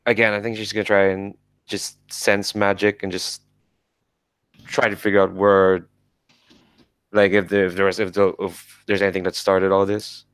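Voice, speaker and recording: A man playing in a tabletop game, speaking in a halting, thoughtful way. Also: low voice, level tone, a bit bright, clean tone, no room sound. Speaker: player. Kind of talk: casual tabletop play.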